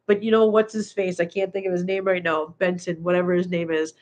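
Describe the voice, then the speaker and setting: A woman's voice: flat delivery, fairly quick, a little mellow. Chatty woman vlogger talking with her cats. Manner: chatty, coos at her cats in a high baby voice. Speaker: cat channel host. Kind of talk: casual live-stream chat. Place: home, on a couch.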